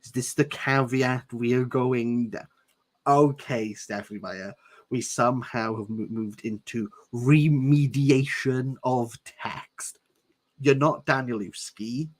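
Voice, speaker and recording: Man, husky, sarcastic, casual read-along commentary. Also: medium pitch, slow. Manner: sarcastic, jokey asides between read passages. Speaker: book reviewer reading aloud.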